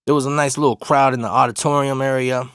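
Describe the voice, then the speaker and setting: A man from Arizona casually telling a personal story, profane and slang-heavy, with animated retelling. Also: mid-range voice, fast, clean tone, no echo, studio quality. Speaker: storyteller host.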